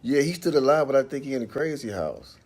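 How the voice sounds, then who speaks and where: A man hosting a casual livestream, telling stories in an animated, profane way and laughing often, speaking into a phone. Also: mid-range voice, fast talker.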